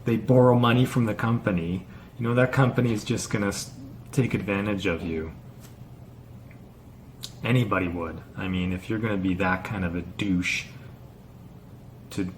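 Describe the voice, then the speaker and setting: A man with a fairly low voice talks casually to his camera, wandering through his thoughts with lots of "um"s and restarts. A faint hiss of room noise sits behind him. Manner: rambling, halting, many fillers and restarts. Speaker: vlogger. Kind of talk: casual unscripted vlog talk.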